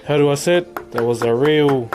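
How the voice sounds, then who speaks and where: A man with a New Zealand accent, a streamer casually chatting with viewers while woodcarving, laid-back and quick to laugh. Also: fairly high pitch, music in the background. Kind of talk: casual livestream chat answering viewers.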